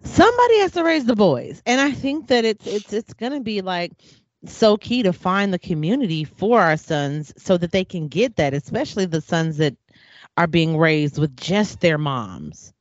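A woman's voice: on the low side, moderate pace, dry recording. A woman in a casual chat, telling stories with animation and acting out what people said. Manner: animated storyteller, acts out quotes. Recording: dull lo-fi dry sound.

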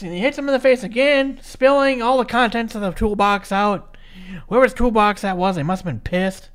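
A co-host in their thirties from Minnesota, recapping a match in loose, profane chat. The voice is mid-pitched and very expressive, rising and dropping widely. Lots of filler words and restarts keep it rambling. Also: clean tone. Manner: lively, swearing freely, many likes and restarts. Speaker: podcast co-host.

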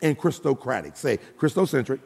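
A man's voice: mid-range voice, big pitch swings, brisk, darkish tone, long reverb tail. A man preaching a recorded sermon, explaining and calling the congregation to repeat after him. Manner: explains and calls for audience repetition. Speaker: pastor.

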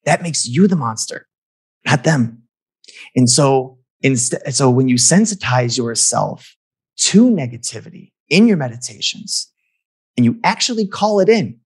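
A man's voice: mid-range voice, expressive, measured pace, husky. A man talking as a guest in an earnest, reflective conversation, restarting phrases as he thinks aloud.

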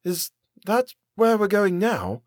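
A shy young woman, as a male reader puts her on in a storybook tale. The voice sits high and soft, with small, hesitant protests. It is recorded dry and close. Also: wildly swooping pitch, moderate pace, breathy edge, dry recording, exaggerated voice. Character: timid young woman narrator, Talia.

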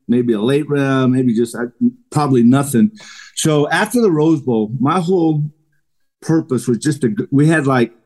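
Man telling an animated football story. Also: mid-range voice. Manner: animated storyteller, acts out quotes. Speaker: guest, retired football lineman. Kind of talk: casual storytelling interview.

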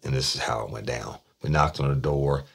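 Very deep, husky man telling a story. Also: a little fast. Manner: blunt, plain-spoken, swears freely. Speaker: podcast host, former police detective. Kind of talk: casual true-crime storytelling.

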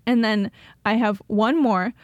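A chatty young woman co-hosts a podcast, her voice sitting a little high. She laughs easily and talks freely. The sound is dry and close. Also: steady tone, measured pace, no echo, lo-fi sound. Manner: chatty, laughs often, says "like" a lot. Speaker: podcast co-host. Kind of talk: casual chat.

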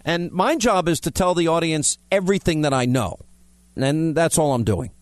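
Talk radio host, male, slightly high voice, dry close mic, blunt and emphatic. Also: normal speed, dry recording. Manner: blunt, emphatic, teasing callers. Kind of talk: talk radio, taking calls.

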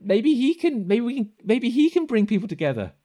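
A man voicing an earnest young boy who pleads in quick, breathless bursts. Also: very high-pitched, big pitch swings, warm tone, voice pushed up, heavily acted. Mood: hopeful.

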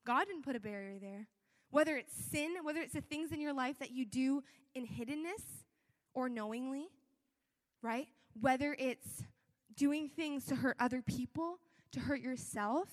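A woman's voice: high voice, a little slow. A young woman giving a sermon in a church, talking in a conversational, earnest way with many fillers and restarts. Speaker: church speaker. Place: church hall. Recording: long echo of a large hall.

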